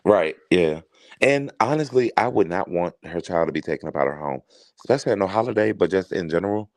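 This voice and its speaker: A man co-hosting a livestream in relaxed, chatty talk. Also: low-pitched, fast talker, dry recording. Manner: relaxed, chatty, thanks viewers. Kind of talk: casual livestream chat.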